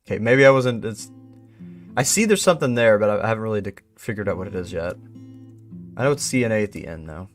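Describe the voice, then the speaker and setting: A young streamer digging into an online mystery speaks quickly in a fairly low, expressive voice. He reads reports out loud, then chats casually, laughing and thinking aloud as he works through a code, while faint music plays in the background.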